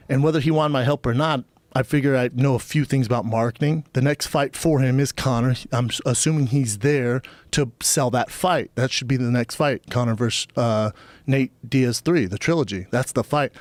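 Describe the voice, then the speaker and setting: A man's voice: medium pitch, fairly quick, dry recording. A man talking as a podcast guest, telling a story in casual chat and acting out both sides of the exchanges he recalls. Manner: animated, acts out quoted exchanges.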